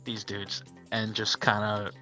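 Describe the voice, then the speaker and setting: Very bright-voiced man player. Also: lowish voice, monotone, unhurried, faint music behind, rough recording. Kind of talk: playing a tabletop game.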